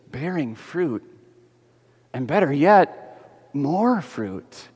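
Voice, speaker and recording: A man preaching a sermon as pastor, animated and putting questions to the congregation, kids included. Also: mid-range voice, gravelly. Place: church sanctuary. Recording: echoey church hall.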